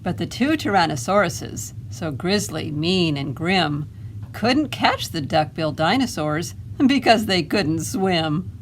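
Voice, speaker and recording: A woman librarian reading a picture book aloud at children's storytime, expressive and asking little questions. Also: fairly low pitch, slow pace, slight background noise.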